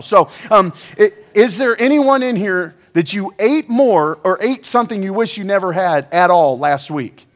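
Male pastor with a high voice, energetic and playful, talks straight to the audience. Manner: energetic, joking, asks the audience questions. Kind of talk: sermon.

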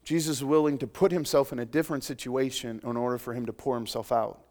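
A man preaching a sermon to a congregation, conversational and joking, swinging from loud emphatic points to soft, intimate asides. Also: mid-range voice, fairly even intonation, fast. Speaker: pastor.

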